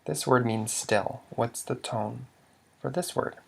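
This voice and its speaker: A man's voice: mid-range voice, takes it slowly, gravelly, slightly rough. A man teaching a language lesson, patiently quizzing the listener and sounding out example words. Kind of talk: slow instructional explanation.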